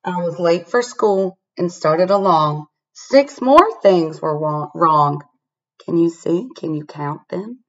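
A woman reading a picture book aloud to children in an animated way, inviting them to spot things, recorded on a laptop webcam. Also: lowish voice, slow, dull audio. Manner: animated, asks the listener to find things. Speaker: storybook reader.

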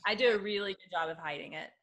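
A woman from the southern United States hosting a podcast, asking questions in a chatty way, full of "like" and quick laughs. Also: mid-range voice, a bit bright. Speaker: podcast host. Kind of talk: casual interview chat.

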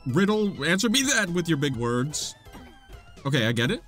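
A man's voice: fairly high pitch, very animated, normal speed, a bit bright. A young man giving playful, dramatic let's-play commentary, trash-talking enemies and panicking in bursts. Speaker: gaming YouTuber. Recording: faint game music behind. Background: game music.

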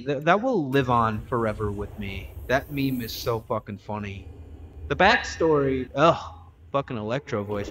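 A man's voice: mid-range voice, a bit bright, slight background noise. Profane, jokey man commentating a game. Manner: crude, profane, jokey, talks back at the game. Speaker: gameplay streamer. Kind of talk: casual let's-play commentary.

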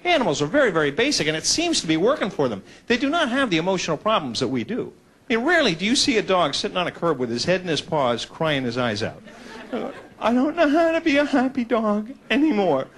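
A man's voice: a little high, big pitch swings, quick pace, fairly bright tone, husky. A man doing a stand-up comedy routine on a club stage, self-mocking and acting out little characters, with the audience laughing.

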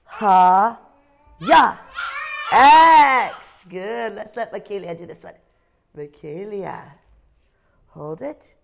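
A woman teacher leading a phonics lesson with young children and reading them a story in a slow, sing-song way. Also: medium pitch, lively intonation, vocal fry, a little hiss or hum. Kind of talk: phonics lesson and read-aloud.

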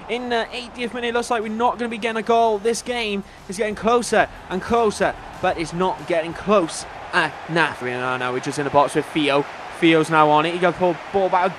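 A man's voice: sits high, fairly quick, noisy background. A young man commentating on his own football video game, upbeat and talking straight to his viewers. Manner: excitable, upbeat, talks to viewers. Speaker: gaming video host.

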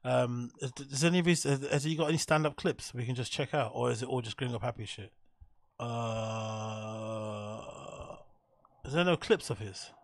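A man's voice: medium pitch, moderate pace, no room sound. A man hosting a stream, giving blunt, profane reaction commentary on comedy clips and laughing often.

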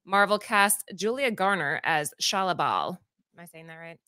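A woman's voice: on the low side, animated, moderate pace, sharp tone, clean tone, no echo, studio quality. A woman co-hosting a comic-book podcast, reading a prepared segment from notes and tripping over names. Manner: reads steadily from notes, stumbles on names. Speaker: podcast co-host.

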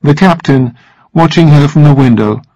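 A man narrating a story aloud for English listening practice, with a measured, expressive delivery. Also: fairly high pitch, lo-fi sound.

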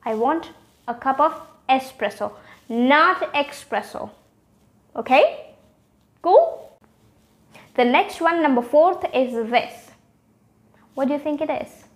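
A young woman hosting a casual pronunciation lesson, quizzing the viewer and slowly repeating each word to demonstrate it. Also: high-pitched. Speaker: channel host and pronunciation teacher.

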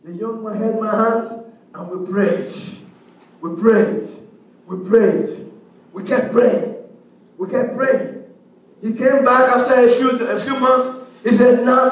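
A male pastor preaching a sermon, rising into shouted declarations and call-and-response. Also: very high-pitched. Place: church hall. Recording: echoey hall, mic far off, faint noise.

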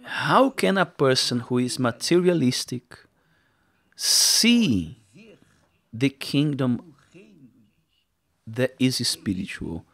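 A man with a Brazilian Portuguese accent delivers a sermon in English. He speaks slowly and lingers on his words. His voice swings widely in pitch as he drives his points home. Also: sing-song, creaky, fairly bright tone. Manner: deliberate, emphatic preaching with repeated phrases. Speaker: preacher.

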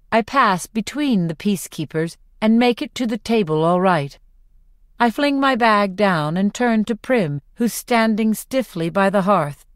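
A woman narrating a novel in the first person, with clear, expressive storytelling. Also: medium pitch, no room sound, studio quality. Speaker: audiobook narrator.

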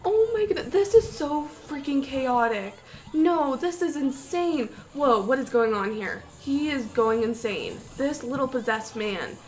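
High-voiced, excitable young woman. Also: unhurried, a little hiss or hum. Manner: excitable, gasping, panicky exclamations. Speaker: gaming YouTuber. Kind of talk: gameplay commentary.

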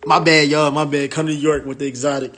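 A brash man rambles through a casual livestream on his phone. His talk is loose and profane, in a slightly high voice. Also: flat delivery, fast, fairly bright tone, a little hiss or hum. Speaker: livestream host, rental car business owner.

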